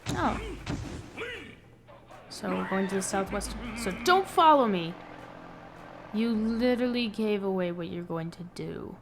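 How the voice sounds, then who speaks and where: A woman gaming streamer giving excitable let's play commentary with playful trash talk. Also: medium pitch, a little slow, gravelly, long pauses, background noise.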